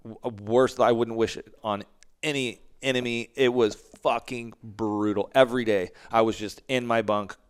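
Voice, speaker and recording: With a clear, resonant mid-range voice and a steady tone, a man in his forties tells stories at normal speed as a podcast guest. He fronts a band, curses a lot, and acts out other people's lines in a frank, casual interview.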